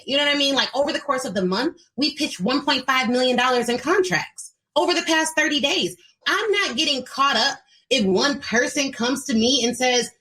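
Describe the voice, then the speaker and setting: A woman's voice: fairly high pitch, sharp tone. An American woman hosting a solo podcast as a speaking coach, talking to listeners in an emphatic, preachy and direct way. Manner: plays quoted voices in her retelling. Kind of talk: solo motivational business talk.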